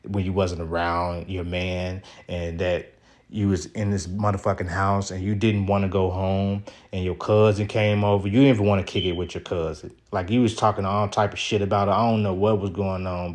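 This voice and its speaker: Deep-voiced man venting in a rambling vlog. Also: flat delivery, normal speed, a little mellow. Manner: rambling and aggrieved, with casual profanity. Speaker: vlogger. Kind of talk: venting vlog monologue reading out texts.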